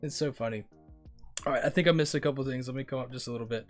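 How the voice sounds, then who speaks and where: A man's voice: mid-range voice, very fast. Rambling young man streamer with music. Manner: rambling, talks straight to chat, says bro often. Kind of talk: casual chat reading viewer comments.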